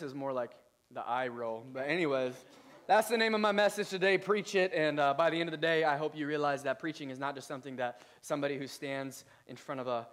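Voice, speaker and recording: A male pastor giving a casual sermon to his church, playful and chatty, joking with the congregation. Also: fairly high pitch. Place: church service.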